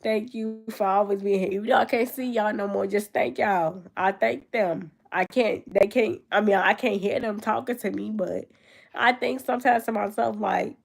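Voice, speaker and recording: Young woman vlogger, home room, gravelly fry, loose reflective chat. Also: mid-range voice, steady tone, moderate pace. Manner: reflective, loose and conversational, many fillers. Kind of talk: casual talk to camera. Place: her grandmother's room at home.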